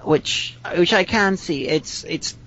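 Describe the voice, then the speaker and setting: A woman from Northern Ireland with a Northern Irish accent, hosting a casual podcast chat in a blunt, quick way with many restarts. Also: on the low side, fairly bright tone, slight background noise. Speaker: podcast host. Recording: dull lo-fi podcast audio.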